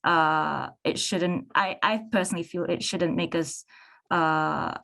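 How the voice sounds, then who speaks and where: Young woman on a panel, kinda hesitant, lots of ums and restarts, lowish voice. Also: fairly even intonation, slow, creaky, fairly bright tone. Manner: hesitant, many restarts and fillers. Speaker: artist on a panel. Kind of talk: live panel discussion answer.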